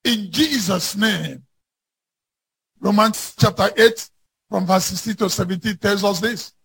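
A man preaching a fervent sermon, reading scripture slowly and with emphasis, and rising to shouts on key lines. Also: high-pitched, creaky, slightly rough.

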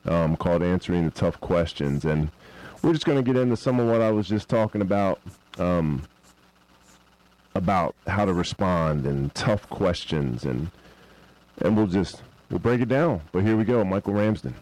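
Deep-voiced male host, relaxed. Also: moderate pace, poor audio. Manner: relaxed, rambling with fillers. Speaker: host introducing clips. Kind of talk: casual commentary.

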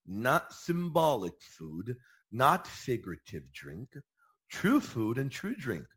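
A man hosting a Catholic radio program, answering listener questions with emphatic, energetic teaching and mock objector voices. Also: medium pitch, slow, breathy edge. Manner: emphatic, animated, repeats key phrases with bursts of enthusiasm.

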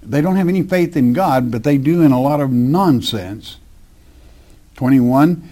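A man's voice: mid-range voice, unhurried, mellow. A man preaching a verse-by-verse Bible teaching, reading scripture aloud and explaining it emphatically in plain words with asides.

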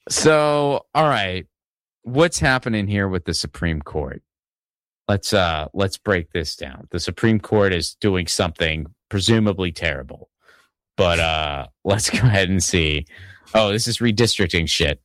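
Man from Pittsburgh, casual political host; low-ish voice, rambling stammered restarts, dry close sound. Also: expressive, a little slow, fairly bright tone, no echo. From Pittsburgh, Pennsylvania. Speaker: podcast host.

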